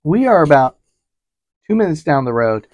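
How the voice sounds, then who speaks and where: A man's voice: fairly high pitch, sing-song, normal speed, darkish tone, no echo. A man who works as a travel advisor, animatedly retelling a trip story with quoted dialogue and frequent fillers. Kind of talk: storytelling vlog.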